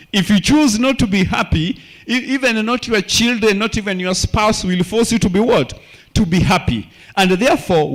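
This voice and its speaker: A man preaching a sermon as a church elder, asking the congregation to finish his sentences and repeating key phrases. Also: sits high. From Kenya. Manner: call-and-response questions, repeats key phrases.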